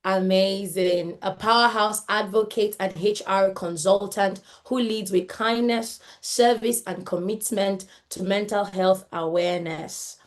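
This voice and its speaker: A woman's voice: mid-range voice, fairly even intonation, a little slow, few pauses. A woman hosting a live event, gushing and exclaiming, and laughing often between her remarks. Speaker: event host.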